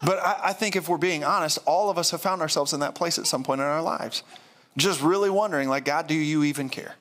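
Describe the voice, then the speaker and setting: A pastor preaching a sermon in an earnest, candid way, often repeating and restarting phrases. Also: male voice, a little high, brisk, fairly bright tone.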